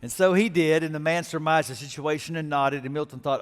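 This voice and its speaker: A male pastor with a high-pitched voice, preaching a sermon that moves from quiet storytelling to emphatic exhortation. His words ring out with the long reverb of a large church auditorium. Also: brisk.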